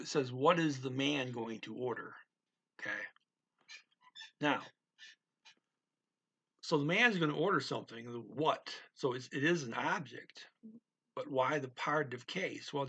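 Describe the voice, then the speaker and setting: Slow, patient husky man explaining grammar. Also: mid-range voice, a bit bright, rough recording. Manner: slow, patient, repeats words, many fillers and restarts. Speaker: language teacher.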